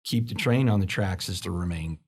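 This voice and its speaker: A man, a business coach, a guest on a podcast, telling stories in an animated, conversational way. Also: low-pitched, fairly quick, slightly rough. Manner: animated storytelling, acts out quoted people.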